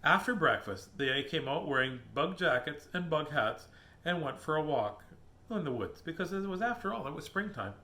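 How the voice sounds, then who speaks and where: A man reading a children's picture book aloud, animated and chuckling at the pictures. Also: on the high side, moderate pace. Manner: animated, chuckling asides to the listener.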